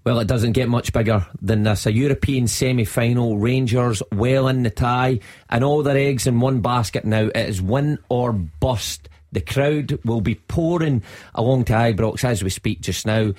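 A man giving emphatic, measured football punditry on the radio. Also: mid-range voice, darkish tone.

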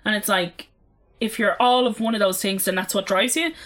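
A woman's voice: medium pitch, normal speed. A woman, co-hosting a podcast in casual, chatty talk and telling stories with animation. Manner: chatty, animated storytelling, swears freely. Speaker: podcast co-host. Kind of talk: casual chat.

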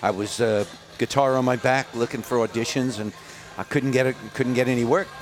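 A man's voice: mid-range voice, fairly quick, soft background music. An older man from the United States, a rock singer giving a candid, profane interview outdoors at a festival. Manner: candid, profane, animated when telling stories. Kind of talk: casual interview storytelling.

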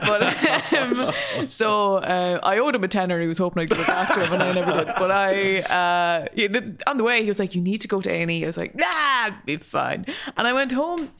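A woman tells a long, animated story as a podcast co-host, laughing often and swearing freely. Her voice sits at an ordinary middle pitch. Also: brisk, hardly any pauses, slight background noise. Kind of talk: casual storytelling chat.

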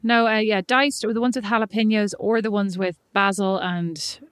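A woman's voice: mid-range voice, steady tone, moderate pace, no room sound. A woman from Ireland co-hosting a casual podcast chat, talking in an emphatic, wry way. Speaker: podcast co-host. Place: home in the United States.

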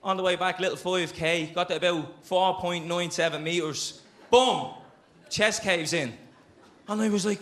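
A young Dublin man holds a live stage crowd with a brash, sweary story. His voice sits high and sounds bright and forceful. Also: brisk. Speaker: live podcast co-host. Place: live venue before an audience.

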